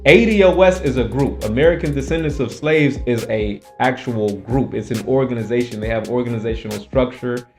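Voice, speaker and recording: A man's voice: mid-range voice, a little fast, few pauses, a little mellow, soft background music. A man hosting his own commentary channel, arguing his points emphatically and repeating them for stress. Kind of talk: opinionated casual commentary.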